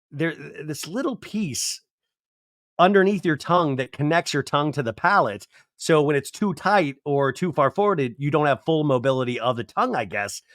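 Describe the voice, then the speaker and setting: A man talking through a reality show recap in a loose, joking, rambling way, his voice sitting a little high for a man. The sound is dry and close, with no room around it. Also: no echo. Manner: animated, digressive, jokey. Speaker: podcast host. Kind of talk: casual comedic TV recap.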